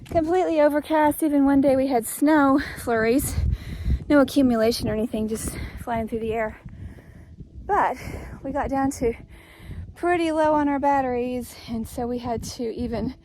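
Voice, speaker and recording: A woman's voice: high voice, moderate pace, a little mellow, slight background noise. A middle-aged woman, casually chatting in a homestead vlog while walking outdoors. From East Tennessee. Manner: chatty, rambling, upbeat. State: out of breath. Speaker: homestead vlogger.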